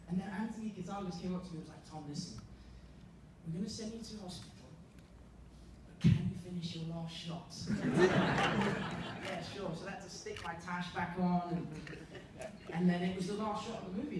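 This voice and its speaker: A young man on a festival panel, telling a self-deprecating anecdote in a casual way. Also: sits high. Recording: echoey hall recorded from far off, noisy.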